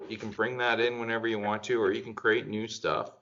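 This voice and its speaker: A man's voice: fairly low pitch, little pitch movement, fairly quick, noisy background. A man chatting casually on a panel, rambling with lots of fillers and getting enthusiastic. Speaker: podcast panelist. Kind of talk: casual group chat. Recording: dull lo-fi sound.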